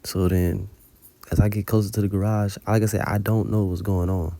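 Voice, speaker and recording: A religious teacher gives an informal testimony, recounting a dream in colloquial storytelling laced with heavy profanity. His lowish voice shows little pitch movement and has vocal fry and a warm tone, at normal speed with no room sound.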